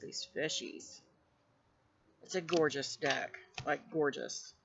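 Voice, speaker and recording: Gushing woman with a gravelly edge. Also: deep voice, takes it slowly, dull audio, slight background noise. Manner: gushing, effusive praise; drops to a hushed voice at times. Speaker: tarot deck reviewer. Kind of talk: casual show-and-tell vlog.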